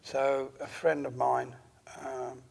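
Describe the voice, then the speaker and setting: A man telling his story as an interview guest, hesitant and full of pauses. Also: mid-range voice, level tone, creaky, darkish tone. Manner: hesitant, many pauses and fillers. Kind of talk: halting conversational storytelling.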